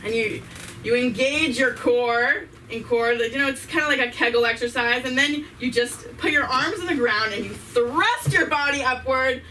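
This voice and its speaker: A woman doing rambling, giggly stand-up at a live open mic, with a bright, sharp voice. She sounds set back from the microphone. A faint room noise sits behind her. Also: high voice, moderate pace, recorded from a distance, low-quality recording. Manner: giggly, rambling, self-deprecating. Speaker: stand-up comedian. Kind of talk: stand-up comedy. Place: live open mic night at a comedy venue.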